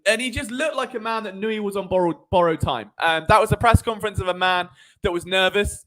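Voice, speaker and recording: A man hosting a live sports stream. He talks in an animated, sarcastic way and drifts into tangents. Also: high voice. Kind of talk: live sports commentary chat.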